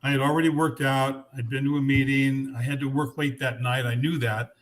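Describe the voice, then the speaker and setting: Guest, man in his 60s, mid pitch, candid storyteller, blunt and halting. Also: flat delivery. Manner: frank, earnest, blunt language, halting restarts.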